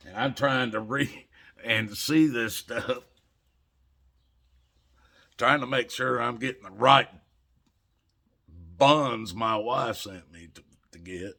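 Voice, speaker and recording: Older male vlogger, folksy rambling storyteller, low gravelly voice. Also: sharp tone. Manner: folksy, rambling, chuckles while telling. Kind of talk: casual storytelling.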